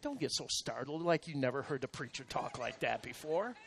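A man's voice: mid-range voice, sing-song, fairly quick, creaky. A male pastor preaching a sermon in church, emphatic and counting out his points. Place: church service.

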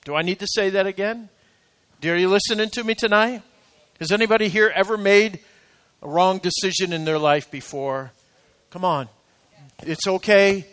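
Man preaching, high voice, swells then hushes, long church reverb. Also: normal speed, pauses often, smooth. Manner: preaching with swelling rising emphasis, then dropping to quiet intimate talk. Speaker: pastor. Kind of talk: sermon. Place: church sanctuary.

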